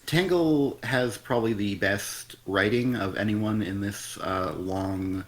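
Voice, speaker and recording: A man with a lowish, slow voice co-hosts a live comic review stream. His casual, critical chat turns into blunt, exasperated ranting, with plenty of swearing.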